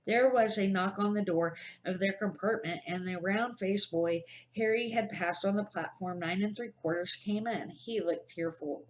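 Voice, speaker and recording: A woman's voice: medium pitch, rough recording. An older woman reads a children's chapter book aloud for her grandchildren. She goes at an easy, careful pace and sometimes trips over a word and starts again. It sounds homey rather than polished. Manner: unhurried read-aloud with slips and restarts.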